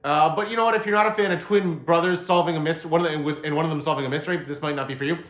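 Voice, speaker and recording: A man's voice: on the high side, steady tone, very fast, fairly bright tone. Rambling male movie reviewer, roomy echo. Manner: meandering, many "uh" fillers and restarts. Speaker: movie reviewer, channel host. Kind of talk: casual spoken movie review.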